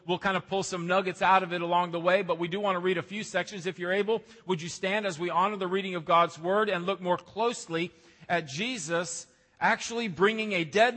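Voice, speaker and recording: Male pastor, fairly high bright voice, earnest sermon delivery, church hall reverb. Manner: earnest preaching, rising emphasis on key lines. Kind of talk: sermon with scripture reading. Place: church sanctuary.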